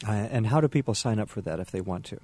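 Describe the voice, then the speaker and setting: A man's voice: fairly low pitch, animated, fast, a little mellow, breathy edge, dry recording. A man hosting a radio interview, talking in an upbeat promotional way with frequent fillers. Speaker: radio host.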